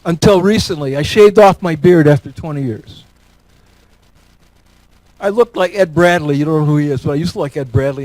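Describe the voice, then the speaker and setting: A man's voice: on the high side, normal speed, long pauses, a little mellow, no echo, rough recording. A man from New York state gives a talk and takes audience questions, folksy and joking, repeating words for emphasis. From Elmira, New York. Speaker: guest speaker.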